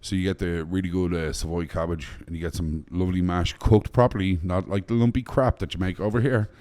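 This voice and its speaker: A man's voice: deep voice, steady tone, fairly quick, a little mellow. A man with an Irish accent, chatting as a guest chef on a podcast, blunt and profane. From Ireland. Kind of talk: casual podcast chat.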